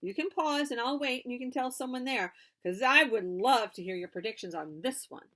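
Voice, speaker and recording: A woman reading a picture book aloud to children, animated, pausing to explain words and ask questions. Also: a little high. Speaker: storybook reader for children.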